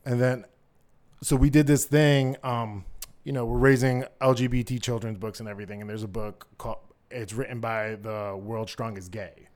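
A middle-aged person with a male-range voice, co-hosting a podcast in casual chat, telling campy, animated stories and laughing along. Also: mid-range voice, moderate pace. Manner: campy, animated storyteller calling everyone "girl". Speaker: podcast co-host.

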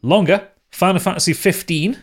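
A man's voice: high-pitched, normal speed, breathy edge. A man co-hosting a podcast in casual chat, rambling with lots of fillers and casual swearing. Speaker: podcast co-host.

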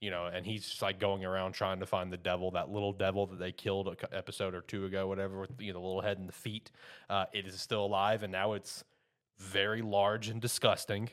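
A man's voice: deep voice, level tone, fast talker, fairly bright tone. A man hosting a podcast, giving a casual, rambling episode recap full of fillers like "you know" and "like.". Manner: rambling, filler-heavy, loose and chatty. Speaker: podcast host.

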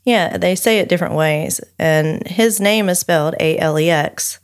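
A woman's voice: sits low, moderate pace. A woman, co-hosting a podcast and narrating a true-crime story from her notes with chatty asides. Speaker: podcast co-host.

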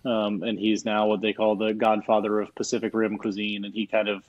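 A man's voice: lowish voice, a little fast, no echo, dull audio. A man, a chef from Hawaii, telling a story in a casual interview and acting out what other people said. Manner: animated storyteller who acts out other people's lines. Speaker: chef and guest.

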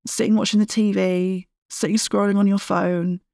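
A woman's voice: medium pitch, flat delivery, moderate pace, gravelly, warm tone, no echo, clean studio sound. A middle-aged woman hosting a podcast, talking straight to listeners as a tough-love fitness coach in a direct, emphatic way. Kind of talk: solo podcast monologue.

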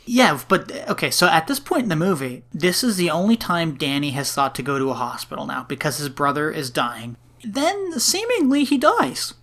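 Podcast co-host, mid-pitch, bright and forward, rambling profane plot recap. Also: big pitch swings, moderate pace, hardly any pauses. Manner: rambling, profane retelling with frequent laughs. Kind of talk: casual movie recap.

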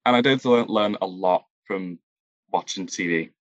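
Halting man searching for words. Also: sits low, no room sound, dull audio. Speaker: improv performer, guest. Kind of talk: casual interview answers.

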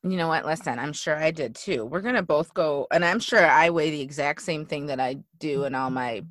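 A woman with a very low voice hosts an interview show. She talks in a chatty, halting way and laughs easily. Her voice sounds dry and close. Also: fairly bright tone, dry recording. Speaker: host. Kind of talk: podcast interview.

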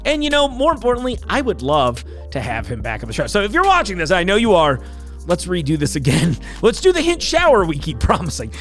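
Chatty podcast host with a lively voice. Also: male voice, fairly high pitch. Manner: rambling, chatty, apologetic, laughs between thoughts. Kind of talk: casual solo intro to camera.

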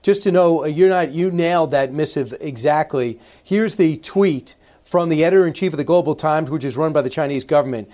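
High-voiced emphatic talk radio host. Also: male voice, brisk, warm tone. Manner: emphatic, builds pointed questions.

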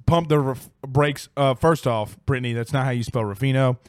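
A man's voice: medium pitch, normal speed, clean tone, no room sound, studio quality. A young man hosting a casual sports podcast, exclaiming and swearing as he reads viewer comments. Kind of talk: casual live-stream chat.

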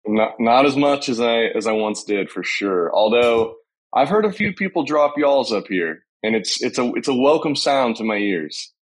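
A man's voice: mid-range voice, lively intonation, moderate pace, poor audio. A man with a Texan accent, a podcast guest chatting casually and telling stories with restarts. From Texas. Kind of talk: casual chat.

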